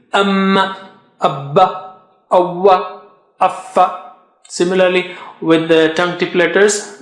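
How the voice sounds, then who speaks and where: A man's voice: fairly high pitch, echoey room. A man teaching a tajweed lesson in a patient way, drilling syllables again and again with emphasis. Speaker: Quran recitation teacher.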